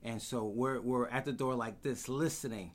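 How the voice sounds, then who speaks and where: A man, telling lively stories as a guest and acting out the voices of the people in them. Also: mid-range voice, moderate pace. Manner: animated, acts out quoted voices. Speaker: guest storyteller. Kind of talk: casual anecdotes.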